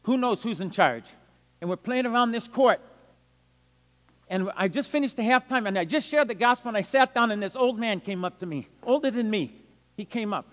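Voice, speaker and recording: An older man with a high voice preaches as a missionary evangelist at a moderate pace, giving a storytelling sermon. His stories swing animatedly from loud bursts to hushed murmurs, and a long reverb makes it sound like a large hall.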